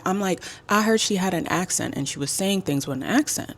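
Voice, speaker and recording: A woman telling a casual storytime as a travel vlogger, with sassy, emphatic and animated delivery. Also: on the low side, brisk.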